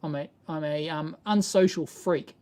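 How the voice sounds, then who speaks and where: A man's voice: fairly high pitch, a little slow, darkish tone. Chuckling Australian man rambling on a live stream. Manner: rambling, chuckling, self-correcting. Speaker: live stream host answering viewer questions. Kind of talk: casual live Q&A chat.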